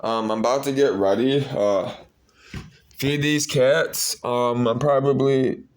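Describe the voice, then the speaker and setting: A man's voice: medium pitch, slow. A young man talking to the camera in a casual vlog, preaching and rambling as he repeats words while he searches for the next one. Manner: gets loud and excited when retelling a story. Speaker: vlogger.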